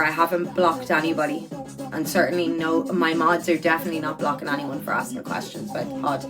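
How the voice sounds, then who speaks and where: Earnest, chatty young woman. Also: on the low side. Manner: chatty, earnest, repeats words for emphasis. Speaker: livestreamer and podcast host. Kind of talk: casual livestream chat, reading viewer comments.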